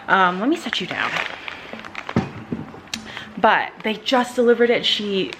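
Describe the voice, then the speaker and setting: A young woman chatting excitedly in a casual reading vlog from home. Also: mid-range voice, slow, music in the background. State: out of breath. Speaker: vlogger.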